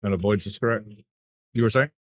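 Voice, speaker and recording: A man's voice: lowish voice, a little fast. A man from England chatting as a pool stream commentator, telling stories and laughing often. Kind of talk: casual commentary chat.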